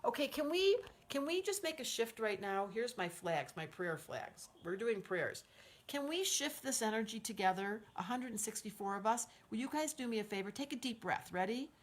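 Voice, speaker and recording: A woman's voice: fairly high pitch, very animated, moderate pace. A woman in her sixties hosting a live stream as an astrologer. She is effusive and encouraging, reads viewer comments aloud and leads group breathing. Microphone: livestream setup.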